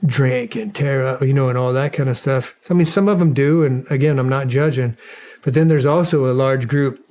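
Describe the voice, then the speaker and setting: A man's voice: mid-range voice, fairly quick, a little mellow. A man telling a story from his army days in a loose, rambling way, full of fillers and swearing, as a podcast guest. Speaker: guest, former soldier. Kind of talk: casual storytelling.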